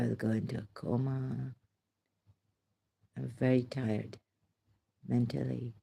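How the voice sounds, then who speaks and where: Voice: mid-range voice, fairly even intonation, slow, gravelly, long pauses, dark tone. A vlogger talking in a rambling solo monologue, laughing often and sighing between thoughts.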